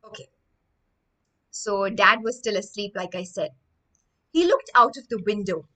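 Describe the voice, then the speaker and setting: A woman teacher reading a story aloud to children, stopping often to explain words with animated, emphatic delivery. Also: mid-range voice, moderate pace, low-quality recording.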